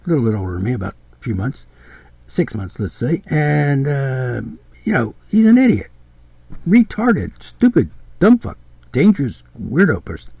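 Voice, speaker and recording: A man's voice: mid-range voice, big pitch swings, moderate pace, creaky, mellow, slightly rough, dry recording. A man in his seventies giving a blunt, rambling podcast monologue, repeating himself and swearing freely. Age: 70s. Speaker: podcast host.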